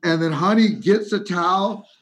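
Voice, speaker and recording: A middle-aged man, a former ballplayer, chatting about baseball and telling an animated story with lots of fillers. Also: high-pitched, normal speed. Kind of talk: casual sports chat. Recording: slightly muffled lo-fi audio.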